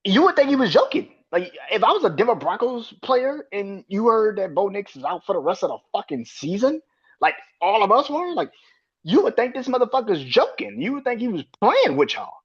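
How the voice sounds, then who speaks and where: A man hosting a solo sports podcast, talking in an animated, profane, exasperated way. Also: high voice, normal speed, husky, lo-fi sound. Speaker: podcast host. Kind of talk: solo sports commentary rant.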